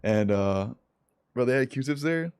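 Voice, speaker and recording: A man's voice: mid-range voice, expressive, measured pace, a little mellow, clear, resonant tone, no echo, clean studio sound. A young man chatting casually on a live game stream, telling a rambling story full of slang and swearing. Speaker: streamer and competitive gamer.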